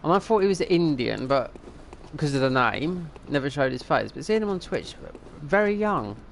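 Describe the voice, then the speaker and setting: A man's voice: a little high, animated, moderate pace, vocal fry, a little hiss or hum. A middle-aged man, rambling and thinking aloud as he comments on a game, now and then swearing at it. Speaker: streamer. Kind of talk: casual gameplay commentary.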